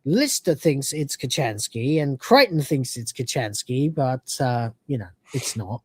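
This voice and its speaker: A woman's voice: extremely low pitch, lively intonation, unhurried, husky, no room sound. A woman podcast host chatting casually as she retells scenes, laughing often. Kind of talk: casual episode recap.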